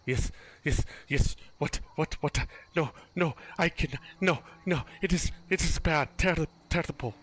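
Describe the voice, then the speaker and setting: A man doing a hoarse, mumbling mad priest. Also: a little high, a little slow, hardly any pauses, fairly bright tone, pitched above the performer's own voice. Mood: frantic. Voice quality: hoarse, weak. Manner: mumbling, repeating himself. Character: weak, babbling old male priest gone mad.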